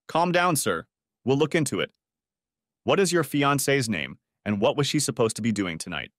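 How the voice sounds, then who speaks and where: A man voicing a calm, official police dispatcher on a phone call in an audiobook story. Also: mid-range voice, dry recording, clean studio sound. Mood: procedural. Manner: measured, official. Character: calm, procedural adult male police dispatcher.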